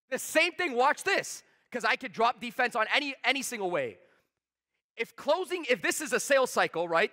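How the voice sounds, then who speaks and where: A man giving a live sales seminar, talking fast, emphatic and blunt, swearing freely at his audience. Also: high voice, pushed and bright, long reverb tail. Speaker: sales trainer.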